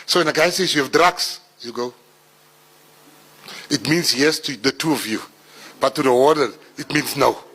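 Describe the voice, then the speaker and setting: A South African man in his forties, telling life stories to an audience in an animated way, building to laughing punchlines. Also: mid-range voice, a little fast, slightly rough, rough recording. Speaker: public speaker. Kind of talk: storytelling talk.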